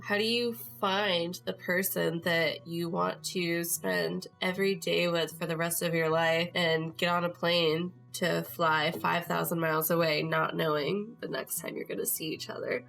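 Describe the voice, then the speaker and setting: Young woman telling her story, lots of likes, bit low voice, quiet music behind. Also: vocal fry. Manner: chatty, lots of "like", emotional. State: tearful at moments. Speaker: podcast host. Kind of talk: casual personal storytelling.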